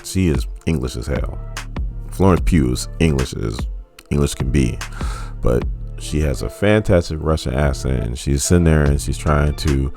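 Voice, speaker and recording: A man giving a casual, joking video review of a superhero film to his channel's viewers. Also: very deep voice. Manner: joking, animated storytelling. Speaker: YouTube movie reviewer.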